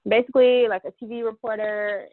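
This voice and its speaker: A woman's voice: on the high side, fairly even intonation. Woman guest on a tinny phone line. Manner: easygoing, halting, many fillers. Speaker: podcast guest. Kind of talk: casual chat.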